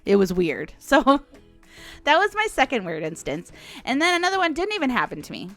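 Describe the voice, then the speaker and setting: A woman hosting a podcast, telling stories in a chatty, animated way and laughing often. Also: fairly high pitch, a little fast, soft background music. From United States. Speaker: podcast host. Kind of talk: casual storytelling monologue.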